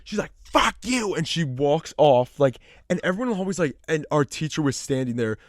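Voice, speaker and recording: A man's voice: on the high side, a little fast, a little mellow, no room sound, studio quality. A young man co-hosting a podcast, telling a story casually, with lots of fillers and dramatic retellings. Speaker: podcast co-host.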